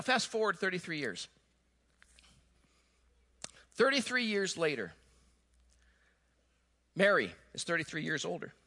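Brief: male pastor, sermon, high-pitched and bright, animated storyteller. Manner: animated storytelling, then quiet and earnest.

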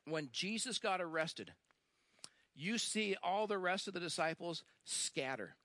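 Animated, bright-voiced male preacher. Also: sits high. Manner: animated storytelling, acts out quoted lines; emphatic, repeats phrases, slows for stress. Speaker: pastor. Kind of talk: sermon.

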